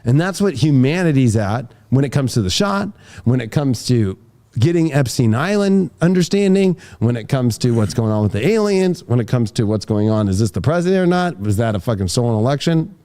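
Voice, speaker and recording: A man's voice: medium pitch, sing-song, fairly quick, mellow. A man hosting a casual podcast conversation, telling rambling stories with plenty of swearing. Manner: profane, rambling storytelling. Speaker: tarot reader and podcast host.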